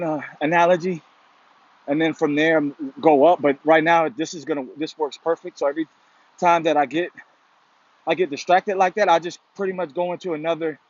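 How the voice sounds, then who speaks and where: Rambling man with a slightly high voice. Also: no room sound. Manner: rambling, fillers like "you know" and "pretty much", casual swearing. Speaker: motivational vlogger. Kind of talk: casual spoken monologue. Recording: dull lo-fi sound.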